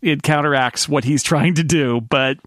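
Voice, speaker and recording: A man's voice: on the high side, normal speed, fairly bright tone, dry recording, studio quality. A man hosting a casual podcast chat, recapping a series in a rambling way with lots of restarts. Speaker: podcast host.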